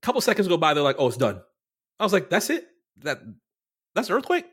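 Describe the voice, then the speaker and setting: A man co-hosting a podcast, telling a story in loose, casual chat. His voice sits a little high and swings widely in pitch as he acts out his own reactions, with plenty of swearing. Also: sing-song, quick pace, a bit bright, slightly rough. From Florida. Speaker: podcast co-host.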